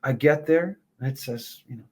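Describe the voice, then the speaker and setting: A man, a guest telling a lively travel story in a casual interview, laughing and swearing as he goes. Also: mid-range voice, moderate pace. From Canada.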